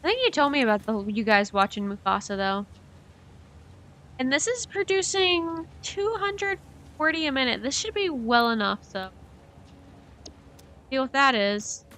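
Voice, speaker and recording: A woman's voice: high-pitched, expressive, unhurried, pauses often, fairly bright tone. A young woman with a light Southern American accent, chatting casually and rambling to her chat while she plays a game. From Southern United States. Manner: chatty, rambling, giggly, talks to herself while playing. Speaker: game streamer.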